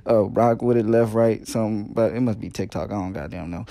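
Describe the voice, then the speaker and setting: A man's voice: on the low side, fairly quick, creaky, warm tone, dry recording. Playful man doing comedic voiceover. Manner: playful, slangy, joking asides.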